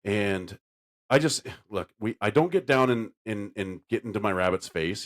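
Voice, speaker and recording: A man co-hosts a podcast at a normal speed, chatting casually and telling stories with animation. Every so often he slips into a high, silly voice.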